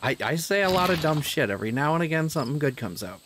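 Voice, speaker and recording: Lively joking man streaming a game. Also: on the high side, fast talker, background noise. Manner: joking, pun-making. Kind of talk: casual gaming chat.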